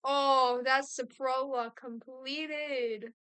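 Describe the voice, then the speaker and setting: A woman vlogger with a high voice chats casually in reaction to a game. She gets excitable, shrieks and swears, and her sound is close and dry. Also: takes it slowly, clean tone, no echo.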